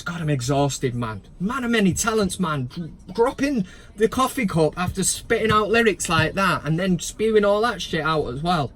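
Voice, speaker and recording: A man's voice: high-pitched, expressive, moderate pace, fairly bright tone, a little hiss or hum. A man hosting a football vlog, chatting casually in a rambling, jokey, self-mocking way, recorded on a camera without a separate microphone inside a van. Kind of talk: casual chat. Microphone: camera's built-in mic, no microphone.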